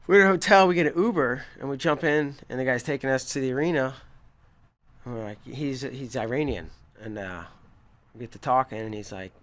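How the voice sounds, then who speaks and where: A man hosting an interview in casual chat, telling stories with relaxed energy. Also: medium pitch, a little fast. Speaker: show host.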